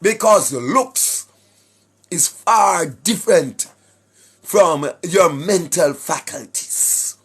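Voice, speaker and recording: A man with a Jamaican accent preaching to online viewers in a sing-song, rhetorical way, often asking "right?" and clearing his throat. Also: fairly high pitch, lively intonation, extremely slow. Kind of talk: preachy livestream address to viewers. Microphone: speaking straight to a camera or phone.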